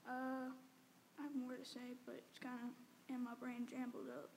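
Teen girl, high and gravelly, hesitant tearful testimony, reverberant space with faint noise behind. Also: monotone, darkish tone. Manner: halting and tearful, filled with "like" and "um". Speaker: speaker giving a personal testimony. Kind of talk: emotional personal testimony.

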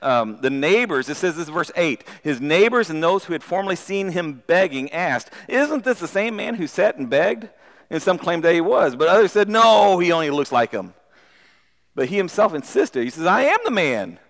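High-voiced man preaching in an echoing hall. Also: moderate pace, creaky. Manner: animated, acts out voices of people in the story; repeats words when starting sentences. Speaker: pastor. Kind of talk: sermon. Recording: long hall reverb.

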